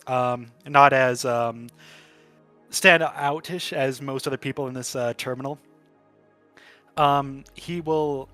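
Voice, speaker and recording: A man describing his character in a tabletop game, hesitant and halting with many fillers. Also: mid-range voice, sharp tone. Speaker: player.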